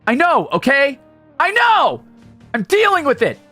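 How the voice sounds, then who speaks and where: A man voicing a bitter, scornful teenage alien troll girl who sneers and shouts. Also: very high voice, huge pitch swings, unhurried, soft background music, voice pushed up, heavily acted. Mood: angry.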